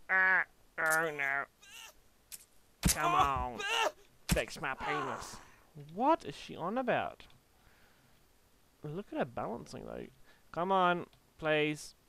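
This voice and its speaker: Young australian man, game commentary, goofy silly voices, unhurried pace, faint hiss behind. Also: high voice, creaky. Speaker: gaming YouTuber.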